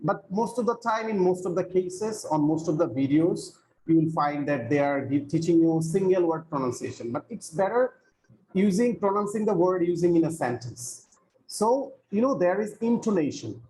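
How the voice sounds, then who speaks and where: Male English teacher, slightly higher voice, patient explainer, online class with faint hiss. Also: lively intonation, moderate pace, dark tone, rough recording. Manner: explains patiently, repeats phrases. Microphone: video call.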